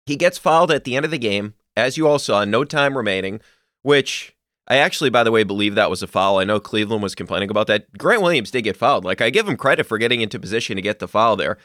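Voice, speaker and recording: Male sports podcaster, bright forceful voice, emphatic rants, dry close sound. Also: lowish voice, quick pace, no echo. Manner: animated, emphatic ranting with occasional swearing. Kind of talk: solo sports commentary.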